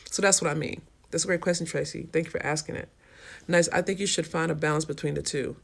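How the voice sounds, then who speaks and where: A woman's voice: sits low, fairly even intonation, quick pace, gravelly. A woman hosting a casual livestream, frankly answering viewer comments in a streetwise way. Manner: frank and streetwise, swears freely. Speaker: livestream host.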